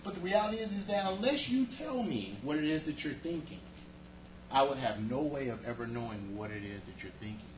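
A man's voice: medium pitch, expressive, fairly quick, background noise. A man preaching a sermon as pastor, talking conversationally and speaking to the congregation with rhetorical asides. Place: church sanctuary. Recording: echoey, muffled church hall audio.

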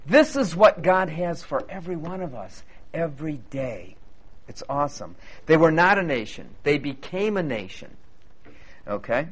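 A man's voice: on the high side, moderate pace, slightly rough. A man preaching a sermon to a congregation, chatty and joking with the audience between points. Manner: lively, chatty preaching with audience banter and quips.

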